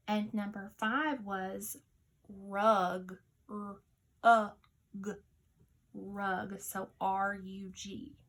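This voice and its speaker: A woman teacher leading a recorded phonics dictation lesson, sounding out each word slowly and deliberately. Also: medium pitch.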